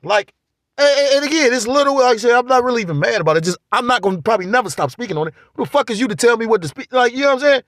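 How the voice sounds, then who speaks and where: A man's voice: extremely high pitch, very fast, no echo, clean studio sound. A man vlogging a casual spiritual monologue, rambling and profane. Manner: profane, rambling, animated ranting.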